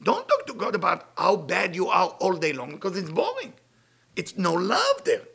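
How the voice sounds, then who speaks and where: Animated, gravelly man preaching. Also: high-pitched, moderate pace. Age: middle-aged. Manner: animated, emphatic preaching with big swings between loud and soft. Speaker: spiritual teacher. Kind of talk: weekly inspirational talk.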